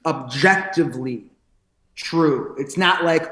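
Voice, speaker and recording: A man's voice: fairly high pitch, normal speed. A man, a pro wrestler and podcast guest, talking in a thoughtful, philosophical way with frequent restarts. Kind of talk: reflective podcast conversation. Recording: roomy echo.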